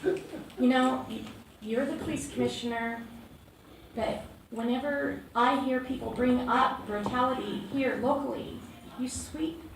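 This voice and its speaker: A shaken woman activist speaks at a council meeting, her somewhat high voice gravelly and unsteady. She stumbles through fillers and restarts as she talks. She is heard from a distance in a very echoey chamber, with steady noise behind her. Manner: halting, with many fillers and restarts. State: trembling, emotional. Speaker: activist giving public testimony. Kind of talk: unplanned public testimony.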